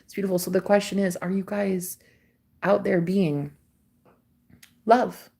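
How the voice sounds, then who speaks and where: A woman's voice: mid-range voice, little pitch movement, measured pace, creaky, dark tone. Casual swearing young woman livestreamer. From United States. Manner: meandering, swears casually, laughs often. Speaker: livestream host. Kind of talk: casual spiritual chat to viewers.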